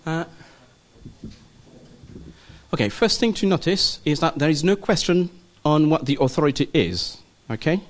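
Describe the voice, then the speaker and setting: A man teaching a church study class in a loose, informal lecture, pausing often with ums and asking "okay?" to check in with the group. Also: fairly high pitch, lively intonation. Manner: hesitant, many ums and checking okays.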